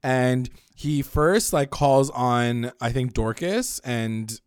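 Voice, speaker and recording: A man recapping a show in an animated, casual way, swearing freely and acting out the characters' lines. His voice sits at an ordinary middle pitch. The sound is dry and close. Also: slow pace, smooth, no room sound. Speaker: podcast co-host recapping a show. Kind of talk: casual chat.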